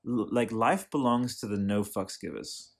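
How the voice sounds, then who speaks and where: A man hosting a casual podcast interview, excitable and riffing, swearing freely. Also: lowish voice, normal speed. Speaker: podcast host.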